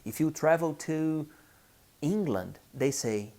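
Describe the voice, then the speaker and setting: In an online English class, a Brazilian man whose first language is Portuguese speaks deliberately and repeats key phrases, his accent distinctly Brazilian. His mid-range voice is expressive, gravelly and somewhat dark.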